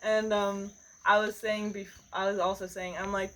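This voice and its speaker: A woman's voice: medium pitch, little pitch movement, normal speed, slight background noise, rough recording. A woman telling a story in casual chat, rambling, with lots of "like" and "bro", laughing often. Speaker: podcast co-host.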